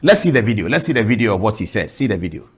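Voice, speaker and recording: A man's voice: fairly low pitch, very animated, rapid-fire, husky. A man hosting a TV show, scolding in a string of exasperated rhetorical questions. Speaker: TV show host. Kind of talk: studio commentary.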